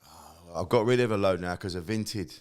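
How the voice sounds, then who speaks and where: A middle-aged comedian tells his anecdotes in a fairly low voice. He acts out the other people's lines as he goes and swears freely. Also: moderate pace. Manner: lively storyteller who acts out quotes, swears freely. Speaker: guest comedian. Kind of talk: casual anecdote telling.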